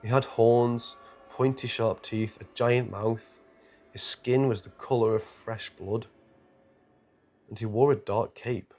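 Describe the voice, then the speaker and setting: A man's voice: mid-range voice, steady tone, slow pace. A man narrating a true scary story with dramatic, tense delivery. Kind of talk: scripted horror narration. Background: quiet music.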